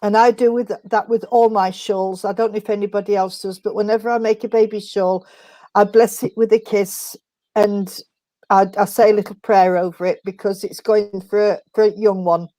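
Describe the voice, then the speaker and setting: A middle-aged woman working as a spiritualist medium, giving a gentle, halting reading full of restarts and tender words. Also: mid-range voice, steady tone, no room sound. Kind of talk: mediumship reading in an online service.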